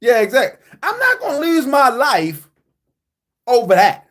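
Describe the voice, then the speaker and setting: A man's voice: huge pitch swings, measured pace, a bit bright. A man hosting a podcast, telling a personal story with emphasis, often repeating "listen to me" and acting out what others said. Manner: acts out quoted voices with big pitch jumps. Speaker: podcast host.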